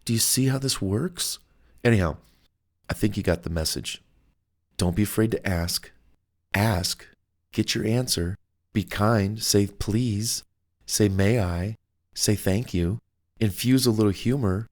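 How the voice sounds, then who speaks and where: A man narrates his own self-help audiobook in a fairly low voice, a little slowly and with long pauses. His delivery is upbeat, chatty and coaching, and he acts out quoted phone calls in this motivational talk.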